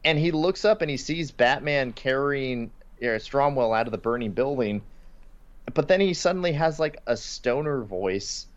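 A man's voice: medium pitch, expressive, normal speed. A man co-hosting a casual podcast, retelling cartoon scenes and quoting lines with little laughs. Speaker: podcast co-host. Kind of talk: casual chat. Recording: slightly dull lo-fi podcast audio.

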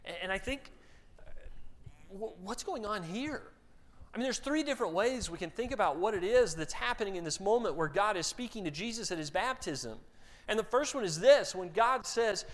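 A man's voice: high-pitched, animated, moderate pace. A man preaching a sermon in a conversational way, often repeating words as he starts a sentence and acting out quoted voices. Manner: acts out quoted voices for emphasis. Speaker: pastor.

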